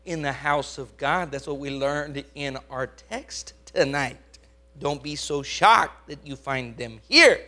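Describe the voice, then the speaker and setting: High, bright-voiced preacher man. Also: takes it slowly. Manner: emphatic, swinging from hushed to loud; asks the congregation questions. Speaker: pastor. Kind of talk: preaching a sermon.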